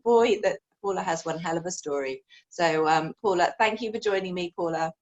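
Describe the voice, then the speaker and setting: A woman's voice: lowish voice, moderate pace, dull audio. A woman hosting her show, effusive and rambling as she talks with a guest, often correcting herself mid-sentence. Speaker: show host. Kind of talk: enthusiastic interview.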